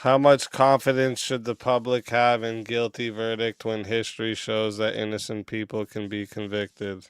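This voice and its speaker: A man's voice: lowish voice, level tone, moderate pace, few pauses, clear, resonant tone, no echo. A man moderating a live-stream debate, reading prompts out and announcing the rules to chat. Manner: reads prompts evenly, then hypes chat.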